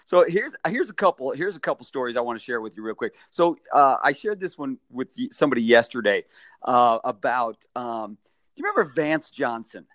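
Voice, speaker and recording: Chatty man with a lively pitch. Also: fairly quick, no echo, clean studio sound. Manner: chatty, animated storyteller. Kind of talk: casual storytelling chat.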